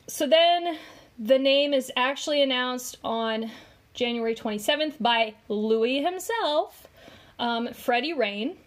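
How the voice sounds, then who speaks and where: A woman co-hosting a casual commentary podcast, chatty and heavy on fillers as she explains. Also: a little high. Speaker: podcast co-host.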